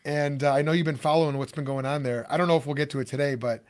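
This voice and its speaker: A man's voice: fairly high pitch, steady tone, rapid-fire. A man from Chicago hosting a podcast, chatty and rambling, with many fillers and restarts. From Chicago, USA. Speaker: podcast host. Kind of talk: casual podcast interview.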